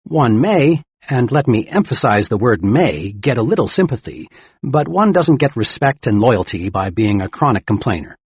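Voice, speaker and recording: A man narrating a self-help audiobook in a lively, emphatic reading style. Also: mid-range voice, moderate pace, slightly rough, dry recording. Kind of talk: scripted narration. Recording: dull lo-fi dry recording.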